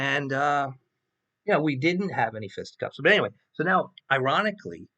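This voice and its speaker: A man's voice: mid-range voice, brisk, lo-fi sound. A man in his sixties, a professor, telling a rambling personal story in a loose, casual way and swearing freely. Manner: animated, acts out quoted voices, swears freely; loose and rambling with many fillers.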